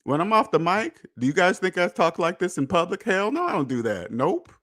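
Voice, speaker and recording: A man hosting a personal finance podcast in an emphatic, preachy monologue, repeating points and swearing, swinging between loud jabs and low muttered asides. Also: big pitch swings, brisk. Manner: emphatic, preachy, repetitive, with profanity. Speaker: podcast host.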